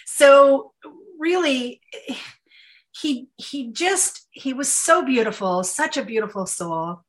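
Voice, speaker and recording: A woman co-hosting a casual talk show as a psychic medium, telling a personal story in an animated, emotional way with many restarts. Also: a little high, takes it slowly.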